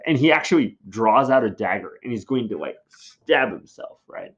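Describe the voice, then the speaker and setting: Chatty male teacher, mid pitch. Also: animated, moderate pace, hardly any pauses, lo-fi sound. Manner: chatty, with many fillers. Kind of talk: casual classroom explanation.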